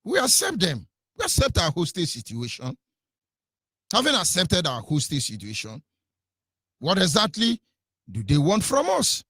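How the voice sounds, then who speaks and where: A fiery Nigerian-accented man delivering a radio rant, mocking and scolding by turns. His voice sits high and swings widely, with a bright, forceful edge and a dry, close sound. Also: huge pitch swings, moderate pace, long pauses, breathy edge, dry recording. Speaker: radio commentator. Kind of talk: impassioned political commentary.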